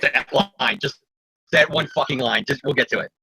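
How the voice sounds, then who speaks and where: A man co-hosting a casual comic review, excitable and profane, quick to rant. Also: mid-range voice, creaky, husky, no echo, low-quality recording. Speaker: podcast co-host.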